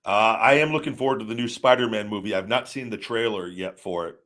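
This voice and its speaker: A man's voice: lowish voice, quick pace, a bit bright. A man in his forties hosting a live show, chatting casually and rambling through a story with many restarts and self-corrections. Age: 40s. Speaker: show host. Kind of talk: casual live-stream chat.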